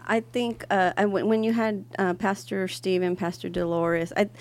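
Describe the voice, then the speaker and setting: A woman's voice: medium pitch, steady tone, moderate pace, darkish tone, slight background noise. A woman talking in a casual podcast conversation, hesitant and restarting her sentences.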